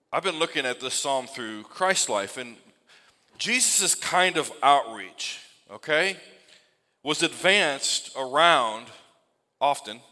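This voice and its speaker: A man's voice: medium pitch, sharp tone, big-room sound. A middle-aged man preaching a sermon in a church, conversational and emphatic. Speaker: pastor. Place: church sanctuary.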